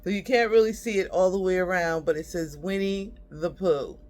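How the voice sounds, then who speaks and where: A woman's voice: lowish voice, moderate pace, a little mellow. A woman hosting a casual haul vlog, chatty and friendly, calling viewers y'all and laughing as she shows her finds. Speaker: host.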